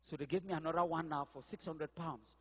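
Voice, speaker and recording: Husky guy from cameroon preaching his testimony, big echoey church, drops quiet then gets loud. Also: fairly high pitch, steady tone, a little fast. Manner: storytelling, swings from quiet asides to loud crying out. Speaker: pastor. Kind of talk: sermon testimony.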